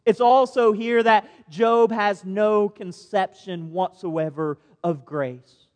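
A man's voice: high-pitched, slow pace, darkish tone. A man preaching a sermon as a pastor, earnest and posing rhetorical questions to his listeners. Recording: long reverb of a large hall.

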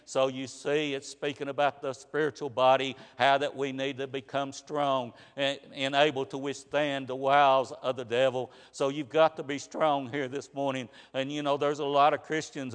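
A man preaching a sermon in an earnest, plain way, often pausing with "uh" and restarting phrases. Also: medium pitch, clean tone. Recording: reverberant hall.

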